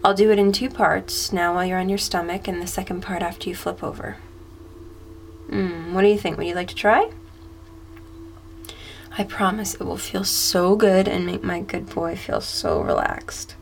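A woman in a whispered role-play as a doting masseuse, speaking softly and teasingly with frequent giggles. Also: medium pitch, animated, measured pace, creaky, soft background music. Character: affectionate flirty female masseuse. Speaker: masseuse character.

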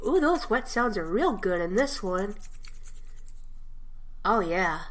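A woman's voice: mid-range voice, big pitch swings, slow. A woman reacting to her own audio recording in casual commentary, blunt and self-mocking.

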